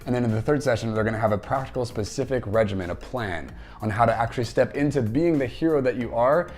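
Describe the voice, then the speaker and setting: A man's voice: mid-range voice, fast, a little mellow. Enthusiastic man talking about movies. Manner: enthusiastic, conversational, retells scenes with quoted dialogue. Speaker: movie commentary host. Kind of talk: casual movie commentary.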